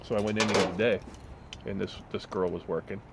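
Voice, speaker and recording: Very deep-voiced man ranting, blunt and profane. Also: fairly even intonation, fast talker, very noisy. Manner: blunt, swearing, storytelling with mocking voices. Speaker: vlogger. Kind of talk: profane casual rant.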